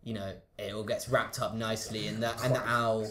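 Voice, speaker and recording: A man's voice: fairly low pitch, flat delivery, fairly quick. Rambling man in an echoey room. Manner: rambling, enthusiastic, full of fillers. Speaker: podcast co-host. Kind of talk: casual film discussion. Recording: echoey room with faint hiss.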